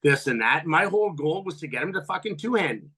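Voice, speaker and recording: A man in his fifties, a former pro hockey player, telling profane locker-room stories as a podcast guest and loudly acting out what people said. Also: on the high side, fast talker, slightly rough. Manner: animated, profane, acts out quotes loudly. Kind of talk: storytelling in a podcast interview.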